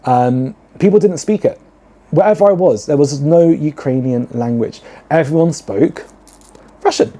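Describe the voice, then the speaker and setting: A man's voice: a little high, a little slow, dark tone. A British man in his late thirties or forties hosting a drag podcast, talking in a cheeky, digressive, chatty monologue with camp asides. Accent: British English.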